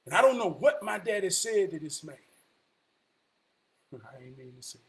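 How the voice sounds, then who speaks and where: A man giving an impassioned, preachy monologue that swings between shouting and low muttering, repeating phrases for emphasis and cursing often. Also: sing-song, moderate pace.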